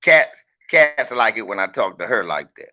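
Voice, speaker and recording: Brash, bright-voiced man streaming. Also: lowish voice, expressive, normal speed, dull audio. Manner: brash, profane, joking, teasing viewers. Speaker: livestreamer talking to viewers. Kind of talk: casual livestream chat.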